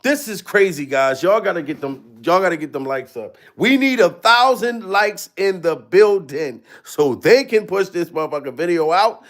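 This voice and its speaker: A man giving loud, profane, comedic reaction commentary and repeating a catchphrase. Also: high-pitched. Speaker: commentary vlogger.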